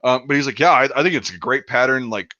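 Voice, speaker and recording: Swearing man telling a story, bright lo-fi. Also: mid-range voice, fast talker, dry recording. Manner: rambling, swears a lot, acts out quotes. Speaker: podcast host. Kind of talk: casual chat, telling a war story.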